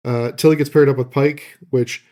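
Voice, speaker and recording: A man talks through a television episode's plot in a loose, unhurried podcast chat. His voice sits at an ordinary pitch but has a dark, mellow tone, and he fills pauses with ums and uhs as he goes. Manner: relaxed, loose plot recap with many fillers. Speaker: podcast co-host recapping an episode. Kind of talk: casual chat.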